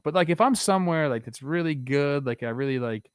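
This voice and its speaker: A man's voice: on the high side, brisk, clean tone, no room sound, studio quality. A man in his thirties co-hosting a casual baseball talk show, loose and rambling, full of "like" and "um". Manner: loose, rambling, lots of fillers like "like" and "um". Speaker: co-host, former player.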